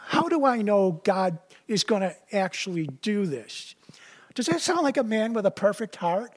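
Husky-voiced conversational male preacher. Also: high voice, sing-song, moderate pace. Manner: conversational, full of "you know" and restarts. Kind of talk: sermon.

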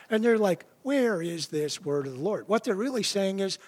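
Man, pastor, high-pitched voice, conversational sermon, asks the congregation "right?", acts out quoted voices. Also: lively intonation, moderate pace, hardly any pauses, darkish tone, slightly rough. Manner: conversational preaching with frequent "right?" and "you know".

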